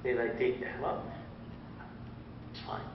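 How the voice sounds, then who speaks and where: A man giving a religious lesson in a mosque hall, talking slowly and deliberately and often repeating his phrases. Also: a little hiss or hum. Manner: repeats phrases, restarts, slow deliberate teaching. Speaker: religious teacher. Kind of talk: instructional Q&A talk. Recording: roomy distant dull recording.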